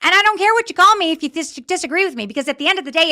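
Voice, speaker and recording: Fiery high-voiced woman talk host. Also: expressive, very fast, bright, forceful tone. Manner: fiery, impassioned ranting. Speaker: political talk show host. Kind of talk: opinionated political commentary.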